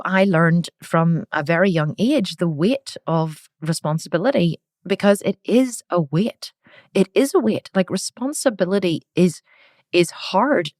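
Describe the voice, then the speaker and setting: A middle-aged woman with a fairly low voice speaks in clean studio sound with no room echo. Hosting a podcast, she delivers a personal reflective monologue, earnest and emotional, repeating phrases for emphasis.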